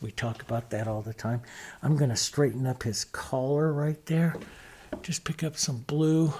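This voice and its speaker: In a mellow, mid-range voice, a middle-aged man teaches painting through a laid-back, step-by-step demo. He talks comfortably as he goes, musing out loud and using lots of fillers.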